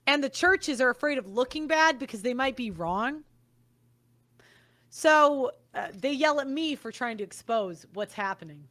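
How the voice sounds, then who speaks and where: Young woman commentator, high bright voice, blunt and profane, angry monologue. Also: lively intonation, a little slow.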